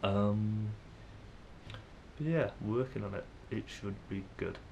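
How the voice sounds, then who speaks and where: A young man with a Manchester accent talks to camera in a casual vlog, his voice sitting fairly low. He thinks aloud as he goes, stopping and restarting with plenty of ums. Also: takes it slowly, creaky, darkish tone, muffled recording, a little hiss or hum. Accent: Manchester English. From England. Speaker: vlogger. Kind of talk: casual musing monologue to camera.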